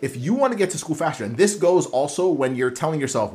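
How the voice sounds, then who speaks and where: A man's voice: a little high, sing-song, fairly quick, hardly any pauses, darkish tone. A man coaching students applying to physical therapy school, talking earnestly with many fillers and restarts. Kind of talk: motivational coaching talk.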